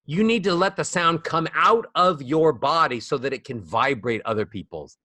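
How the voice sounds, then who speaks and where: A man's voice: fairly high pitch, animated, normal speed, sharp tone, no echo. A middle-aged man, a voice coach being interviewed, talking in a demonstrative way and shifting volume and melody to show his examples. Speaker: voice coach guest. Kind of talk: animated interview talk. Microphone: small ball microphone close up.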